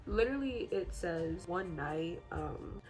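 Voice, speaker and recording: Young woman rambling thru a spooky story, lots of likes and ums, quiet music in back. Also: lowish voice, expressive, takes it slowly, poor audio. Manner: chatty, lots of fillers like "like" and "um". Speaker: beauty vlogger telling a true-crime story. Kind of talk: casual storytelling while doing makeup.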